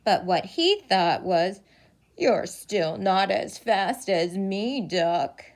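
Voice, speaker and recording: A preschool teacher reading a picture book aloud to young children, pausing for gasps and questions along the way. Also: female voice, mid-range voice. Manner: animated storytelling with gasps and questions.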